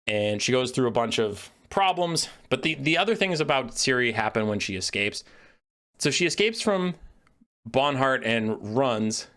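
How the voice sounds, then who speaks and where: A man giving an animated, profane and sarcastic lore rant as a video creator. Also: medium pitch.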